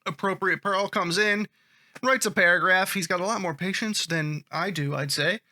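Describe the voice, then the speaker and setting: Guy reacting to internet comments, high bright voice, sarcastic and sweary. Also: fairly even intonation, moderate pace. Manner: sarcastic, profane, offhand. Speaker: commentary vlogger. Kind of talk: reading and reacting to online comments.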